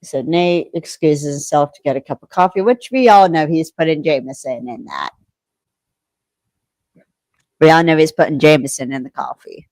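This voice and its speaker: A woman co-hosting a podcast, recapping an episode in rambling casual chat and acting out quoted lines, clearing her throat now and then. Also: low-pitched, moderate pace, darkish tone, dry recording. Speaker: podcast co-host.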